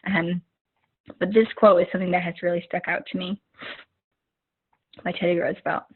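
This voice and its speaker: A woman's voice: on the low side, little pitch movement, normal speed, husky. A young woman giving an informal motivational talk over a video call, rambling, with many fillers and restarts. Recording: narrow phone-like video call audio.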